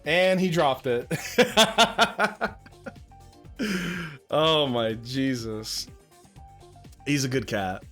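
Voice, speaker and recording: A young man streams at home, chatting casually, sometimes swearing, and cooing baby talk at his cat. His medium-pitched, slightly bright voice draws out words and pauses often. He's close on a desk mic, with soft music in the background.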